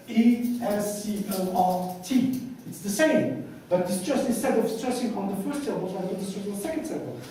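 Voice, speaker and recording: A man's voice: sits high, warm tone, recorded from a distance. Man lecturing in a big echoey hall. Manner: storytelling, acts out both sides of dialogues. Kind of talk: conference lecture with anecdotes.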